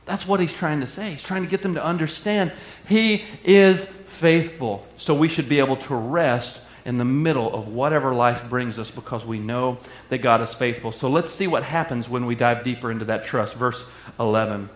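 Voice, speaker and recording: A male pastor preaching a sermon with energetic call-and-response delivery. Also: mid-range voice, normal speed. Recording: echoey hall.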